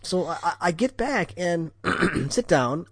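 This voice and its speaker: A man's voice: sits high, lively intonation, slow, a bit bright, breathy edge, dry recording, clean studio sound. A man from Wisconsin co-hosting a podcast, telling stories in a rambling, casual way with lots of restarts. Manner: rambling storyteller with frequent restarts. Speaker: podcast co-host. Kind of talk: casual chat.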